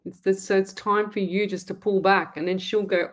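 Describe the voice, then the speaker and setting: A woman's voice: medium pitch, moderate pace. An Australian woman hosting a live-stream, reading out viewer comments and answering them in a blunt, emphatic way. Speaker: psychic medium host.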